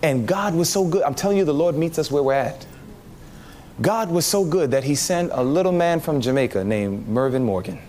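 A man with a high, very expressive voice preaches a testimony sermon. He tells his story in an animated way, swinging up and down as he acts out his own reactions. A faint hiss sits under the speech. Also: moderate pace.

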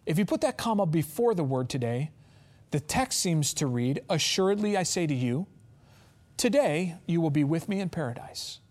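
Man preaching a slow, emphatic sermon. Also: high-pitched, darkish tone. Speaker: pastor.

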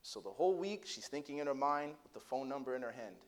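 Animated and quick, a male pastor preaches a sermon that moves from a softly spoken story to loud, impassioned delivery. He addresses the congregation with rhetorical questions as his intensity rises.

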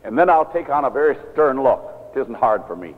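A man's voice: medium pitch, brisk. Older male preacher, tinny hall recording. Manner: animated preaching with stern asides and mimicry. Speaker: minister. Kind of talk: sermon. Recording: tinny phone-like sound in a large reverberant hall.

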